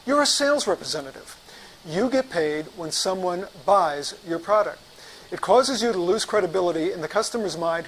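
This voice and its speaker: A man teaching sales, telling an animated story as a lesson. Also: high voice, slight background noise, poor audio. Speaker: sales trainer.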